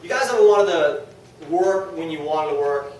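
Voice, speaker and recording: A man giving an enthusiastic testimonial talk to a small audience at a business meeting, quoting others in quick lively asides. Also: on the high side. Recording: very echoey room, distant mic, faint noise.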